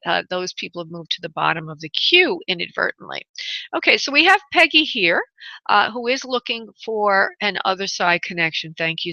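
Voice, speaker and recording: A woman hosting a call-in radio show as a medium, talking affectionately to callers and calling them honey, with frequent pauses and restarts. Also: mid-range voice, bright, forceful tone, dry recording, low-quality recording. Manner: hesitant, many pauses and restarts. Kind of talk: casual call-in radio chat.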